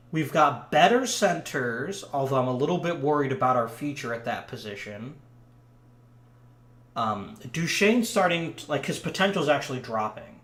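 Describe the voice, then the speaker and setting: Playing a hockey management game, a man offers chatty, rambling commentary peppered with ums in the style of a let's play. His mid-range voice has a fairly bright tone and sounds reverberant.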